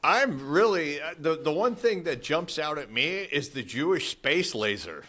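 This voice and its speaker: A man co-hosting a casual podcast, talking in an animated way and mimicking other voices mid-story. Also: on the high side, a little slow. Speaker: podcast co-host. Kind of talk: casual chat.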